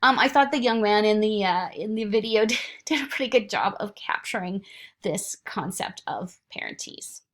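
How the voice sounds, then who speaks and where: A woman instructor giving a recorded lecture in a chatty, animated way, now and then dropping into sing-song baby talk to demonstrate. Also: medium pitch, normal speed.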